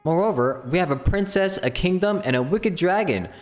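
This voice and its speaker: A man's voice: high voice, lively intonation, moderate pace, in a large hall, soft background music, pitched above the performer's own voice. A man reading the lines of an earnest, theatrical young female adventurer in a grand storybook way.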